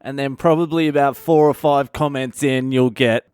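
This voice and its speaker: A man's voice: mid-range voice, fairly even intonation, moderate pace, hardly any pauses, a little mellow, clear, resonant tone, dry recording, clean studio sound. A middle-aged man, hosting a comic podcast monologue in a sardonic, mocking tone and swearing freely. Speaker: comedian podcast host. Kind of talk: comic monologue reading comments aloud.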